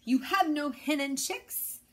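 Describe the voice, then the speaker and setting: A woman's voice: sits high, measured pace, voice pushed up. A woman voicing a cranky, bullying male mayor in a storybook read-aloud, growling and huffy.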